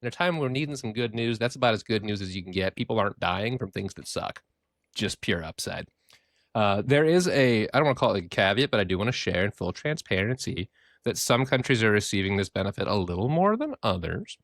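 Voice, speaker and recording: A man with a lowish voice that swings widely in pitch, joking and playful as he co-hosts a relaxed podcast. His voice is close and dry, with no room sound. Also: brisk, no echo. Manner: playful, jokey and animated. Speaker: podcast co-host. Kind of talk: casual chat.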